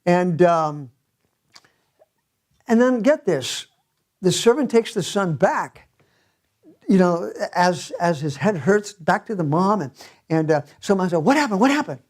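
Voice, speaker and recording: A man preaching a sermon as pastor in a church, telling the story in an animated way and chuckling often. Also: sits high, slow, pauses often.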